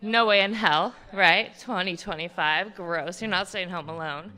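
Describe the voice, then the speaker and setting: A woman's voice: fairly low pitch, a little slow, few pauses, bright, forceful tone, smooth, faint music behind. A woman in her thirties doing a self-deprecating stand-up set about her kids at a live comedy show, with lots of ums. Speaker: stand-up comic. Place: live comedy club stage.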